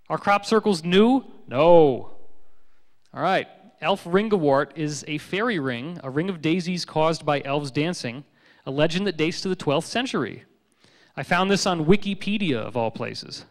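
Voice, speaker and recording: Male lecturer, slightly high voice, playful storyteller, long hall reverb. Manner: joking, animated storytelling. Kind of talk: public lecture.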